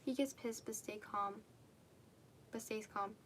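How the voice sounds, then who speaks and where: A woman's voice: mid-range voice, fairly even intonation, measured pace, fairly bright tone, a little hiss or hum. A young woman reading fan fiction aloud casually, stumbling and correcting herself and tossing in swearing asides. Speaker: fanfic reader.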